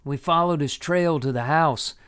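Narrator doing an anxious, shifty husband, shouting, raised pitch. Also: male voice, moderate pace, clear, resonant tone, natural voice. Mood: shouting anxiously. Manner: shouting across a distance.

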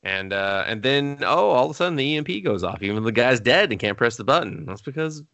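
A man co-hosting a podcast, rambling sarcastically through a movie recap with quick quoted asides. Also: mid-range voice, expressive, sharp tone, dry recording. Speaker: podcast co-host. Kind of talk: casual movie-review banter.

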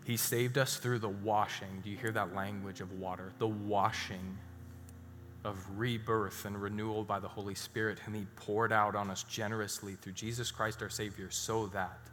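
A man preaching a sermon as a pastor, telling a story and dropping suddenly to hushed emphasis. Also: lowish voice, flat delivery, normal speed. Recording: reverberant hall with faint music.

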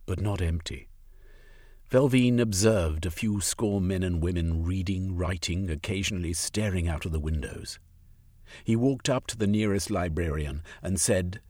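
A man reading a story aloud in a measured narrating voice. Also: low voice, darkish tone, husky, dry recording, studio quality.

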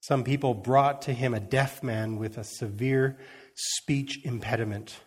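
A man's voice: medium pitch, fairly even intonation, measured pace, breathy edge. A man giving an informal sermon, reading scripture and retelling it in a conversational way, acting out the quotes and chuckling as he goes. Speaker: preacher.

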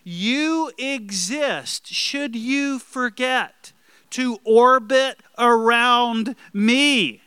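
A man's voice: very high-pitched, drawn-out words, bright, forceful tone, clean tone, no echo, studio quality, voice pushed up, exaggerated voice. A man playing a self-centered demanding complainer. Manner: demanding, self-pitying, insistent.

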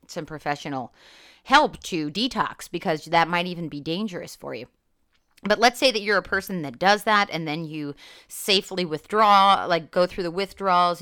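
A woman speaking on her sobriety podcast in an unscripted solo monologue, frank and liberal with swearing as she reflects on her own habits. Her voice sits a little low but has a bright, forceful edge. It sounds dry and close, with no room around it. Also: no room sound. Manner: frank and profane, self-reflective.

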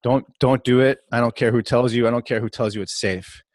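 A man's voice: mid-range voice, brisk, no echo. A man hosting a podcast, spinning a long, rambling story and tripping over his own restarts. His voice sits in an ordinary middle register, recorded dry and close with no room sound. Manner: rambling, animated, self-interrupting storyteller. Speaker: podcast host. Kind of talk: casual storytelling chat.

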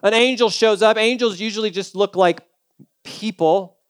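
A man's voice: high voice, moderate pace, clean tone, dry recording. A male pastor preaching a sermon in a conversational, humorous storytelling way.

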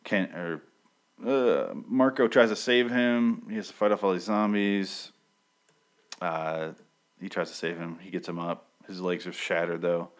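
A man's voice: low-pitched, unhurried. A man casually recapping a TV episode, rambling and profane, often correcting himself mid-sentence.

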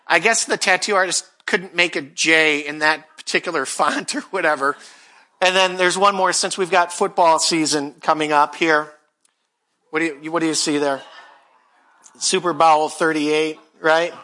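A man in his forties preaching in a loose, conversational way, telling stories and poking fun at himself. His voice sounds very bright and a little higher than most men's. He grows animated when he quotes other people. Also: unhurried. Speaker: pastor. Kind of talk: casual sermon with storytelling.

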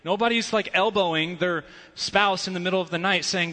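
High, bright-voiced male preacher in a hall. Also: brisk, few pauses. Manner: conversational, rhetorical asides, animated swings from loud to hushed. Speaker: pastor. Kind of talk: sermon. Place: church sanctuary. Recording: long reverb of a large hall.

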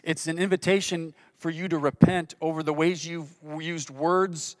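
Man, pastor, earnest sermon, slightly high voice, dry close sound. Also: fairly even intonation, normal speed, dry recording. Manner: earnest, reads scripture with rising intensity.

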